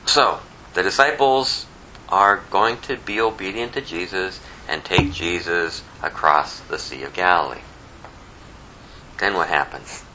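A man with a low, bright and forceful voice teaches a small Bible study group. He tells the story in a lively way and pushes his voice up in emphatic bursts. A faint hum sits behind him. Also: measured pace, rough recording.

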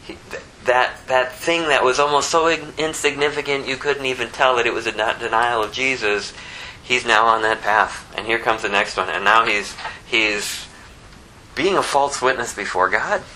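A man preaching a sermon in a conversational, animated way, acting out the lines he quotes. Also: medium pitch, moderate pace, slight background noise, low-quality recording. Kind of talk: expository sermon.

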